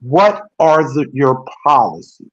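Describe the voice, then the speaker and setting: A man co-hosting a political talk show, rambling in casual discussion and correcting himself often, growing animated when he makes a point. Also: mid-range voice, slow pace, no room sound. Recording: dull lo-fi sound.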